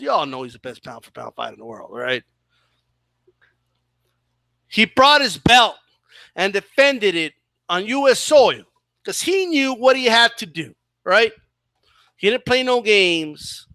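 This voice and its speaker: In this profane livestream rant, a boxing channel host gets sarcastic and curses freely, frequently capping his points with "right?" His very high-pitched voice is bright and forceful, recorded cleanly in a studio with no echo.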